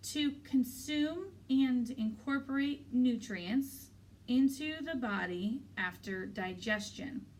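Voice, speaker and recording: A woman's voice: extremely high pitch, expressive, measured pace, few pauses, pushed and bright, recorded from a distance, voice pushed up, heavily acted. A woman voicing an earnest new schoolboy who speaks carefully, eager to impress, a little off-mic.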